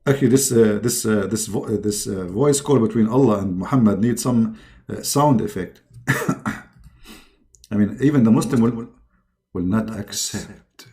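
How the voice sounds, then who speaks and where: A man giving sardonic commentary, halting and stumbling with frequent fillers between sketches. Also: fairly low pitch, warm tone. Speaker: religious commentator.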